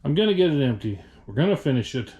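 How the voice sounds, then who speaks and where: A man's voice: mid-range voice, very animated, fast talker, darkish tone, slightly rough. A man from Nebraska who resells for a living, venting to the camera in a tired, frustrated, rambling rant inside a storage unit. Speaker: reseller vlogger.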